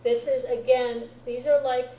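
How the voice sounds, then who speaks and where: A woman's slightly high, mellow voice explains grammar to her students in a classroom lecture. She keeps checking that they follow her, and the room around her is roomy and echoey. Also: little pitch movement, a little slow, slight background noise. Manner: checks understanding often with "right?" and "okay?". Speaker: Japanese language teacher.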